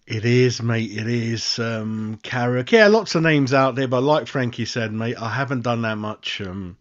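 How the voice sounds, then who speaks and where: A man hosting a fan live stream, mid-pitched and chatty, speaking straight to his viewers. The audio is a bit muffled and lo-fi. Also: lively intonation, measured pace. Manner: chatty, addresses viewers directly, frequent "mate". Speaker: football fan channel host. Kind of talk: casual live-stream chat.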